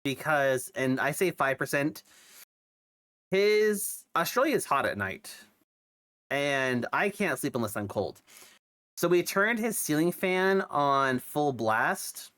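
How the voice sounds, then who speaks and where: A man's voice: fairly high pitch, lively intonation, slow, fairly bright tone, clean tone. A young man who is sick with a cough, chatting casually on his stream, rambling with lots of fillers and restarts. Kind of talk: casual chat.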